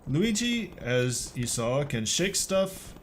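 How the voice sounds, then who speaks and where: A man's voice: fairly high pitch, big pitch swings, slow, slight background noise. A man hosting a let's play, giving wry, joking, laid-back commentary on a game as he plays. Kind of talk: casual gameplay commentary.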